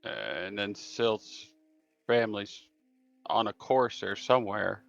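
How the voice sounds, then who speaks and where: A man playing in a tabletop game, talking slowly and hesitantly, with restarts. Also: lowish voice, gravelly, fairly bright tone, muffled recording, faint music behind. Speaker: player.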